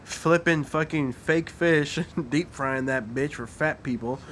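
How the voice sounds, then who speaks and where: A man's voice: a little high, slow, fairly bright tone, a little hiss or hum. A young man, a podcast guest, chatting casually with profane words and frequent laughter. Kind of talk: casual chat.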